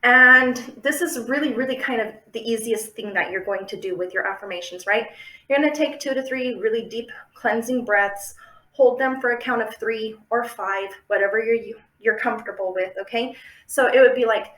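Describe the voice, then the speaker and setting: A woman's voice: a little high, moderate pace, bright, forceful tone. A woman giving a casual, chatty how-to talk on affirmations, often checking in with the listener. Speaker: affirmation practice teacher. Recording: roomy, echoey room.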